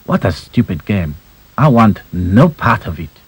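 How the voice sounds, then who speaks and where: A man's voice: low-pitched, very animated, unhurried, breathy edge, no echo, full character voice. A snooty rag doll with a thick put-on French accent, voiced by a man. He drawls his lines with lofty disdain. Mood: haughty. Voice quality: haughty, disdainful.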